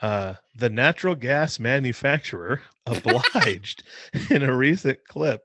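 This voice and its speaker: A man's voice: mid-range voice, expressive, a little slow, bright, forceful tone, no room sound, studio quality. A man co-hosting a casual podcast, reading a news story aloud with laughing asides. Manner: reads out articles with laughing asides. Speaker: podcast co-host.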